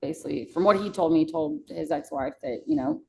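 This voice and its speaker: Podcast guest: young woman, low and gravelly, candid storyteller who curses freely. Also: fairly quick, a little hiss or hum, low-quality recording. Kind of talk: casual emotional storytelling.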